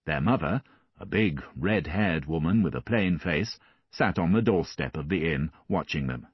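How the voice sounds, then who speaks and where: A man reading a classic novel aloud as an audiobook narrator, measured and expressive. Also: deep voice, breathy edge, dry recording, highs cut off.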